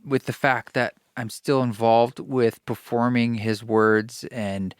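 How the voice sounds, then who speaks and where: A man telling a personal story in casual conversation, animated, stammering and restarting often. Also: mid-range voice, slow, clear, resonant tone, dry recording, clean studio sound. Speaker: podcast guest, kirtan musician.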